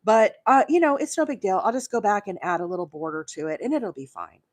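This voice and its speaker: A woman's voice: medium pitch, sing-song, fast talker, dry recording. A woman from Alabama hosting a live crochet tutorial, talking casually and poking fun at herself, with plenty of fillers and asides to viewers. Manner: chatty and self-deprecating, with many fillers and asides to viewers. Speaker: crochet livestream host.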